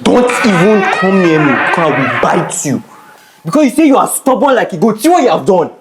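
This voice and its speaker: A man's voice: high-pitched, sing-song, fairly quick, echoey room, very noisy. An actor with a Nigerian accent playing a fed-up young boyfriend who scolds his girlfriend. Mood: scolding. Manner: scolding, exasperated. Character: exasperated young man who pays the bills. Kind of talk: film drama acting.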